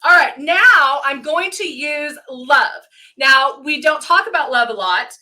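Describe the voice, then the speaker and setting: A woman's voice: sits high, lively intonation, a little slow, pushed and bright. A middle-aged woman hosting a makeup live stream, chatting casually as she works and greeting viewers by name. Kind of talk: casual demo chat.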